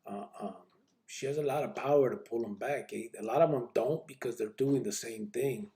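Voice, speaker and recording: A man's voice: mid-range voice, moderate pace, warm tone. A man hosting a podcast, telling personal stories in a rambling, laid-back way, full of street slang, profanity and constant fillers. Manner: constant fillers like "you know what I mean". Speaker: podcast host. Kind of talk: casual personal storytelling.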